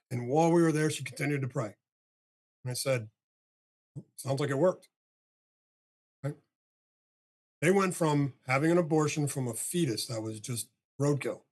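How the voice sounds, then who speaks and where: An older man, a podcast guest, telling a long story in casual talk and acting out the dialogue with a husky voice. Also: medium pitch. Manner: animated storyteller, acts out dialogue, swears casually.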